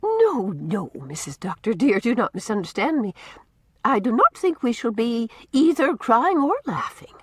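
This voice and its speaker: A woman's voice: on the high side, big pitch swings, measured pace, slightly rough, no echo, studio quality, voice pushed up, exaggerated voice. A woman voicing a prim, pious older housekeeper who speaks formally and sounds easily shocked.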